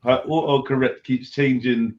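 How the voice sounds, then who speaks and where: A man's voice: medium pitch, fairly even intonation, moderate pace, darkish tone. Chill guy hosting a live chat, slangy, kinda dull lo-fi audio. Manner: laid-back, slangy. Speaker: host. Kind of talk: casual chat.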